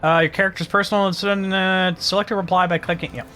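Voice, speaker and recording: A male streamer talks his way through a game in a casual, offhand manner, with frequent fillers. His voice is high, bright and lively. Faint game music plays behind him. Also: quick pace. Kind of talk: casual gameplay commentary.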